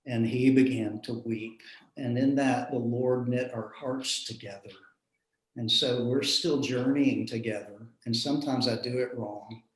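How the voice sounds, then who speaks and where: A man, a minister telling a personal story in an earnest, reflective way with soft chuckles. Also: mid-range voice, steady tone, measured pace. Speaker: minister in a panel discussion. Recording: roomy echo.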